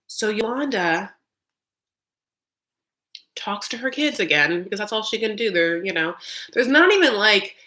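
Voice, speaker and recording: A woman's voice: medium pitch, very animated, unhurried, pauses often, bright, forceful tone. A woman in her thirties giving a casual live reaction recap of a reality show, chatty and sarcastic, filling her talk with "like". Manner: chatty, sarcastic, heavy use of "like".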